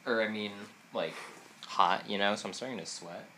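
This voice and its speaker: A young man co-hosting a casual podcast, his nose stuffed up. He rambles along with lots of "like"s and restarts, and his voice sits a little low but sounds bright and forceful. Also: normal speed, slight background noise. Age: young adult. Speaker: podcast co-host. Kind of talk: casual chat.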